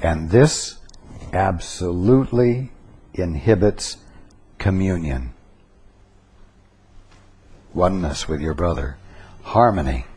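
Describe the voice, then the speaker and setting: A man giving a spiritual teaching talk, slow and deliberate, pausing to stress single words. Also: sits low, a little mellow, breathy edge.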